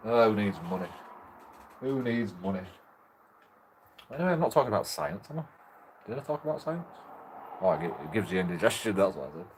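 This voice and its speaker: A young man with a fairly low voice rambles in a loose, giggly monologue. He keeps breaking into laughter mid-sentence, and a faint hiss of room noise sits under him. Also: very animated, fairly quick, pauses often. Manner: giggly, laughs through his words. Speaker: auditor vlogger.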